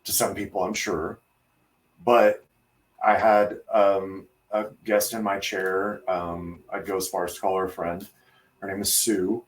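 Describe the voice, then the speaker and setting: A man tells a personal story on a casual podcast. He talks loosely and takes his time, with pauses and fillers along the way. He is a hairdresser chatting with a colleague. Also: deep voice, level tone, far from the mic.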